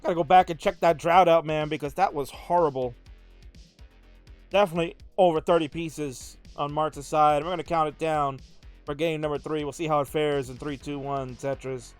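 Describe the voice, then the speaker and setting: A man's voice: on the high side, fairly even intonation, normal speed, clean tone, no room sound, faint music behind. Hyped male play-by-play commentator. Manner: jokey, hyped, jumps to shouts at big moments. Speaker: host and commentator. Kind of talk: excited live play-by-play commentary.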